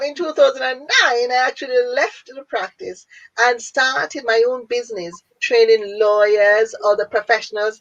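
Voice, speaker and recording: A woman in her fifties from Jamaica, with a Jamaican accent, telling her story as an interview guest in an animated way and laughing often. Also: fairly high pitch, moderate pace. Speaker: guest, speaker and businesswoman. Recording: dull lo-fi audio.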